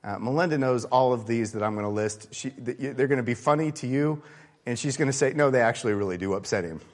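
Male pastor, sermon, conversational, candid, mid pitch. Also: fast talker. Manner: conversational, candid, swings between loud emphasis and quiet asides.

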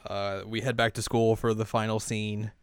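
A man's voice: lowish voice, flat delivery, moderate pace, clear, resonant tone, no echo. A man hosting a podcast, chatting through an episode recap with fillers and laughs. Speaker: podcast host.

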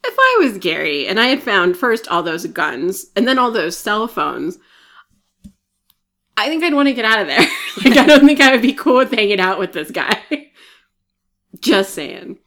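Lively, laughing woman co-host. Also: mid-range voice, moderate pace. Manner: laughs often, swears casually. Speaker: podcast co-host. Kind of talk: casual chat.

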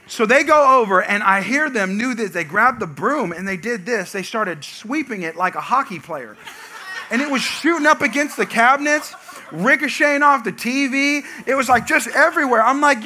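High, bright-voiced preacher telling stories. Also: male voice, moderate pace. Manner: energetic storytelling, shouting punchlines. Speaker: pastor. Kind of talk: sermon.

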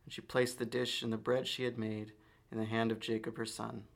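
A man reading scripture aloud in a measured, solemn manner. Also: lowish voice, flat delivery, gravelly. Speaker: reader.

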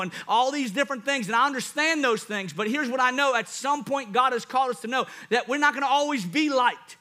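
A man preaching a sermon, energetic and emphatic, sometimes acting out people's reactions in a jokey voice. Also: high-pitched, fast, few pauses. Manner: acts out listeners in a jokey hyped voice.

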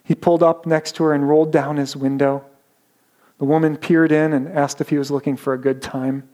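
Brief: male pastor, fairly high voice, dramatic story-driven sermon with slowed emphasis. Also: little pitch movement, mellow.

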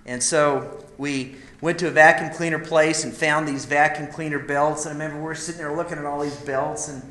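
A man preaching a sermon, telling a personal story with emotion that swells and drops to near a hush. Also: on the high side, fairly even intonation, a little fast, roomy sound. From Idaho, USA. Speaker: speaker at a men's gathering.

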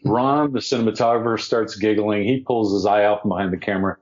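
A man, an actor, telling animated anecdotes as an interview guest and laughing now and then as he talks. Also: on the low side, fast, dull audio. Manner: animated storyteller, laughs mid-story.

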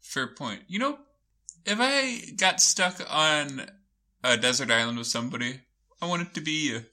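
A man with a fairly high, very bright, sharp voice, chatting as a podcast co-host. He laughs often and stays amused and animated. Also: normal speed. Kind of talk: casual chat recapping a TV show.

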